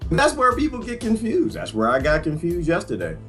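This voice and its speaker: A middle-aged man delivers a casual political rant, sliding up and down in pitch. His voice sits a bit high for a man, and he keeps joking and laughing as he talks. Faint music plays underneath. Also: a little fast. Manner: animated, joking, laughs often, Southern US slang. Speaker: vlogger.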